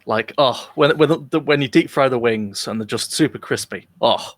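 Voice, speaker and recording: A man's voice: mid-range voice, moderate pace, no room sound. A man from Britain co-hosting a podcast live, chatting casually, rambling with lots of fillers and restarts, joking along. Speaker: podcast co-host. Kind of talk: casual chat. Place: live online podcast recording.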